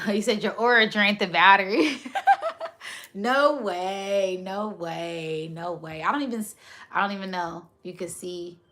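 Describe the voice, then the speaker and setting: A woman's voice: medium pitch, unhurried, a bit bright. A woman hosting a spiritual livestream, talking casually and animatedly, laughing often and asking right after her points.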